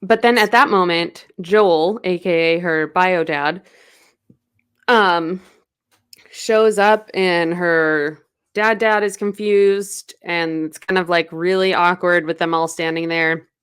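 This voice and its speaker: Smooth-voiced woman recapping a book. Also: on the low side, steady tone, takes it slowly. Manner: retells the plot in quoted snippets, loose and chatty. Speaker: podcast co-host. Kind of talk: casual book recap chat.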